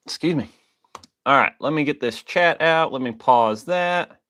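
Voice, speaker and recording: Reading his chat aloud, this livestream host jokes loosely and says hi to viewers by name, coughing and sounding a bit wheezy. His voice sits a little high, animated yet measured in pace, with a pushed, bright quality.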